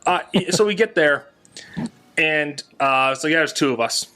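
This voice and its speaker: A young man telling a family trip story on a casual podcast, animated and laughing at himself. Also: on the high side, a little slow.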